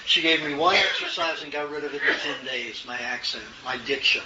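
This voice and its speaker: An older man from the American South answering questions from an audience in a relaxed, storytelling way, chuckling now and then. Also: a little high, fairly quick. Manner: folksy storytelling, chuckles often. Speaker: health lecturer. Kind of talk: casual Q&A talk. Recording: roomy, distant, muffled, noisy room recording.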